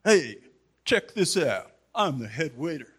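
A man putting on a proud, boastful and obnoxious head waiter in a skit, loud and bossy as he shows off. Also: on the high side, sing-song, a little slow, husky, pitched above the performer's own voice, full character voice. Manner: loud, showy bragging.

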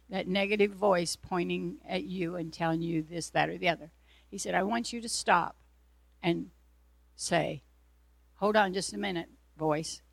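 A woman's voice: lowish voice, a little slow, creaky, long pauses, dry recording. Earnest woman preaching with dry sound. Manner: earnest, storytelling, voices her own quotes of God. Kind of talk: sermon testimony.

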